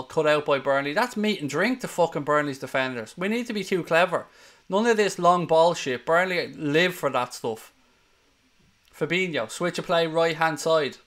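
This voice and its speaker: A man's voice: a little high, fairly bright tone. A man hosting live match commentary, calling play-by-play in a heated, sweary way. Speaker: host.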